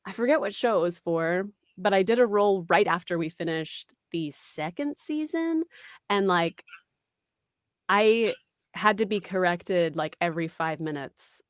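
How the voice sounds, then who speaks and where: A woman in her thirties with a somewhat low voice chats animatedly in an interview, full of fillers and quick asides. The sound is dry and close, with no room around it. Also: no room sound. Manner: animated, chatty, many fillers and laughs. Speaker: voice actress guest. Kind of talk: casual interview chat.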